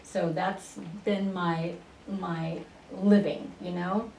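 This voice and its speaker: Woman guest, lowish voice, roomy and distant studio sound, faint hiss. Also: fairly even intonation, a little mellow. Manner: unhurried, with frequent fillers and restarts. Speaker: interview guest, spiritual channeler. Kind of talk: storytelling in a radio interview.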